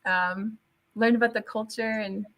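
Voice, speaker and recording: A young adult woman, a teacher, chatting as an interview guest, telling animated stories with laughs and stretches of Spanish. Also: medium pitch, moderate pace. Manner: animated storytelling, laughs often, switches into Spanish. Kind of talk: casual interview chat.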